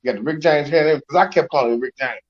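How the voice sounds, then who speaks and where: A man's voice: fairly high pitch, quick pace. A man hosting a casual chat, telling stories in street slang and acting out the people he quotes. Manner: animated storyteller, raunchy slang, acts out quotes. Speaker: show host. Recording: slightly dull lo-fi recording.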